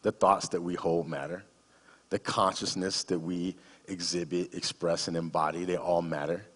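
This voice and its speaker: A man's voice: low-pitched, little pitch movement, moderate pace, fairly bright tone, slightly rough, long reverb tail. A man in his fifties, a guest speaker giving a sermon in a conversational, humorous storytelling manner.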